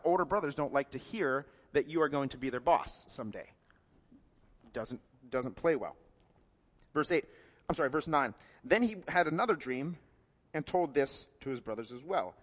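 A man preaching a sermon to a congregation, retelling a story in a casual, wry way with asides and quick self-corrections. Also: medium pitch, lively intonation, in a large hall. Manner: corrects himself mid-sentence. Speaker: pastor.

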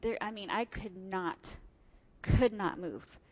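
A woman speaks to an audience at a mid-range pitch, telling a personal story. She acts out what people said to her. Her voice carries a long hall reverb. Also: takes it slowly.

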